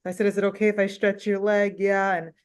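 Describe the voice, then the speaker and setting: A woman teacher talking fast and with high energy in a casual meeting conversation. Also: little pitch movement, smooth. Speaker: special education teacher.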